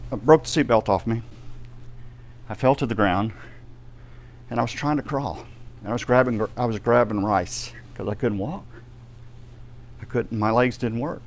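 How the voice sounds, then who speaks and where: A man giving a personal testimony in a ministry live stream, telling his story vividly and acting out the shouts and reactions of the people in it. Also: mid-range voice.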